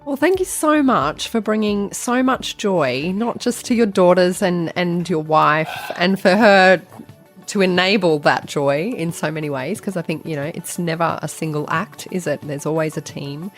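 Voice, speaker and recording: A woman's voice: lowish voice, moderate pace, soft background music. Woman hosting a podcast. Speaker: podcast host. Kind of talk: podcast interview.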